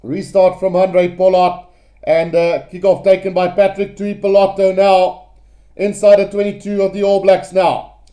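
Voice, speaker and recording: Man, live rugby play-by-play, high-pitched, mellow dark tone, excitable, talks to viewers. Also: moderate pace. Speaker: live match commentator.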